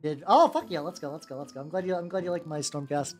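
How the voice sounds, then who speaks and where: A woman's voice: low-pitched, lively intonation, fast talker, darkish tone. A woman streaming as she paints miniatures, chatting casually, stammering, repeating herself and swearing freely. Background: faint background music.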